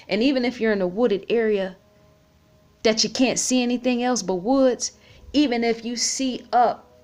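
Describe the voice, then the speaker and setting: A woman talking off the cuff in a vlog, rambling and repeating herself, holding back tears. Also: mid-range voice. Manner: rambling, repeats words, pauses to type on phone. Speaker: vlogger. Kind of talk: casual unscripted talk to camera.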